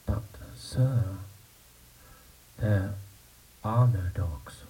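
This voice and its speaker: A chatty, eager visitor to a village pub, full of hearty, coaxing talk, as a male storyteller puts him on. His voice sits low and mellow under the bluster. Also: very slow, recorded from a distance, slight background noise, low-quality recording. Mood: puzzled. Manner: jovial, coaxing and talkative.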